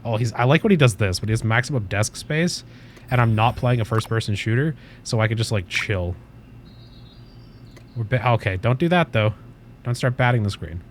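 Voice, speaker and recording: A man's voice: lowish voice, expressive, moderate pace, slight background noise. A man hosting a casual livestream from his desk at home, rambling, swearing offhandedly and cooing at his cat. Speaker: livestream host.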